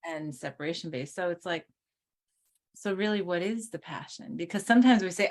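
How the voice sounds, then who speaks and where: A woman co-hosting a casual spiritual talk over a video call, chatty, full of fillers, and quick to laugh. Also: fairly low pitch. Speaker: co-host.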